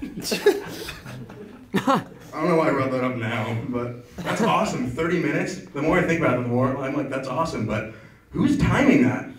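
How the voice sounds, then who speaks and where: A man's voice: medium pitch, animated, normal speed, long pauses, distant mic, background noise. A man performing a stand-up set at an open mic, rambling and self-deprecating with an offhand delivery. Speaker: stand-up comedian. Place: comedy club, open mic. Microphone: stage mic recorded from far off. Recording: echoey club taped from afar with crowd. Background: audience laughter.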